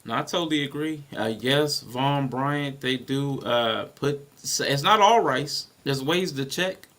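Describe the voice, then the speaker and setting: A man's voice: mid-range voice, unhurried, fairly bright tone. A man hosting a casual podcast discussion, rambling and thinking aloud with frequent restarts. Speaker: podcast host.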